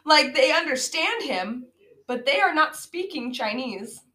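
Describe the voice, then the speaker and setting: A woman's voice: sits high, very animated, a little slow, pushed and bright, poor audio. A woman co-hosting a casual podcast, rambling through a bad movie's plot with many fillers and frequent laughs. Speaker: podcast co-host. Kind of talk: casual movie-riffing chat.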